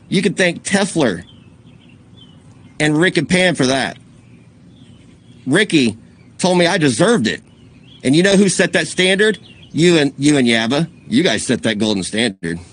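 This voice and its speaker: A man ranting angrily on a livestream, swearing and swinging between raised outbursts and low muttering. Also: fairly bright tone. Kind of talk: angry livestream rant.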